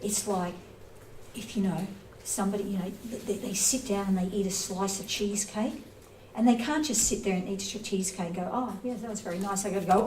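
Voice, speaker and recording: A woman's voice: mid-range voice, a little fast, a little mellow. A woman giving a casual, conversational lecture on scripture, playfully acting out little everyday scenes. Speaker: spiritual teacher. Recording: roomy echo, from a distance, faint noise.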